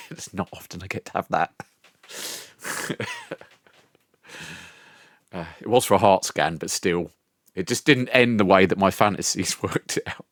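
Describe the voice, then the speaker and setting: An older man streams from home, chatting casually with his live chat while rambling, swearing, and laughing a lot. His voice is low-pitched and a bit bright, with no echo.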